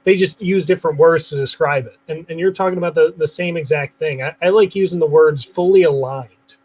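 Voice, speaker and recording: A man's voice: fairly high pitch, a little fast, darkish tone, a little hiss or hum, rough recording. A man hosting an interview podcast, enthusiastic and often repeating his first words. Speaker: show host.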